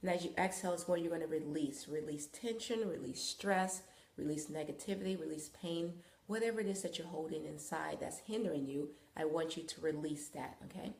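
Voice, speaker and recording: Woman yoga guide, gravelly voice, lowish pitch, loose rambling instruction. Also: fairly quick. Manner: calm, coaching guidance. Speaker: wellness host and yoga guide. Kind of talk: live-streamed wellness talk and guided yoga. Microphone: phone. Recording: echoey room.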